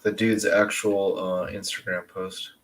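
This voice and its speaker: A man's voice: sits low, little pitch movement, measured pace. A man co-hosting a podcast in casual chat, brief and matter-of-fact.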